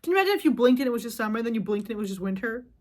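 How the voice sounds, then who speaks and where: A young woman with a slightly high voice rants to camera, swearing freely. She jumps from loud outbursts to hushed, intense asides, always emphatic and heated. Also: sing-song, racing. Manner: emphatic, profane, swings between loud outbursts and quiet asides. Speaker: vlogger. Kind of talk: ranting monologue to camera.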